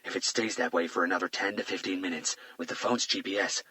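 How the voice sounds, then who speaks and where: A brisk, businesslike tech analyst reports in a quick, focused voice, voiced by a deep-toned narrator. He sounds a touch lifted above the narration but steady. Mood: urgent.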